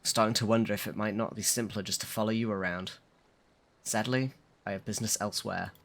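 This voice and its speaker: A man's voice: fairly low pitch, steady tone, brisk, vocal fry, a bit bright. A man reading aloud the lines of a suave young male scholar with formal, old-fashioned diction, as he plays a game on a live stream. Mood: wry.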